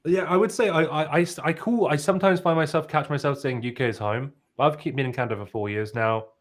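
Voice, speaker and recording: A man's voice: on the high side, fast talker. A man in his twenties with a British accent and a slight Australian twang, chatting casually as a guest and laughing easily. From United Kingdom. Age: 20s. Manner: chatty, laughing, many restarts. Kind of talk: casual video chat.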